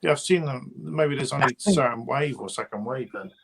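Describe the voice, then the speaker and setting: A man with an English accent chatting casually as a co-host, often trailing off softly. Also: mid-range voice, lively intonation, moderate pace, gravelly, a crowd in the background. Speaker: toy show co-host. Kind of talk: casual chat.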